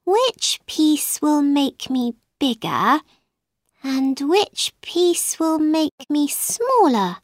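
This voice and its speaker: A woman's voice: sits high, sing-song, very slow, no room sound, studio quality, pitched above the performer's own voice, exaggerated voice. A woman voicing an earnest young girl in a storybook reading, polite but easily annoyed. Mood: puzzled.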